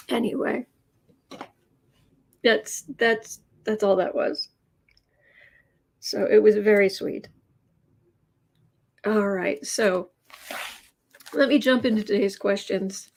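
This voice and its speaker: A woman's voice: medium pitch, steady tone, slow, creaky, pauses often. Woman rambling through a tarot livestream, chatty, lots of restarts. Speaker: tarot reader host. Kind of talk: casual livestream chat.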